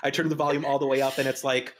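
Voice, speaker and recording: A man's voice: on the high side, little pitch movement, rapid-fire. A man hosting a podcast in casual group chat, laughing and acting out silly bits. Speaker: podcast host.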